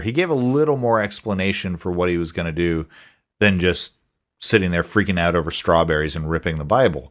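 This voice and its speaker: A man's voice: deep voice, a little fast. A man co-hosting a podcast in casual chat, rambling with frequent restarts and chuckles. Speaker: podcast co-host.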